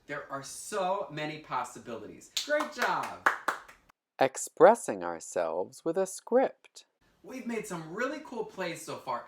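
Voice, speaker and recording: Animated man teaching kids drama. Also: fairly high pitch, roomy sound, far from the mic. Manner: upbeat and encouraging, guiding kids step by step. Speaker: teaching artist. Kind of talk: virtual drama lesson for children. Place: indoor room, recorded for an online class.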